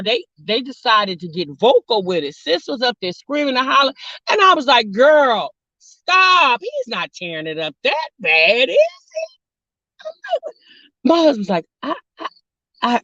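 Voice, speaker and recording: A woman vlogger telling a story to her viewers in a sassy, drawling, animated way, calling them honey and girl. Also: fairly high pitch, normal speed, no echo, dull audio. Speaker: vlog host.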